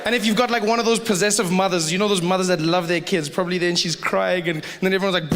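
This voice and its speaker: A man with a South African accent doing stand-up comedy, chatty and animated, acting out little voices as he talks. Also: high voice, fast, few pauses. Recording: long reverb, clear background noise.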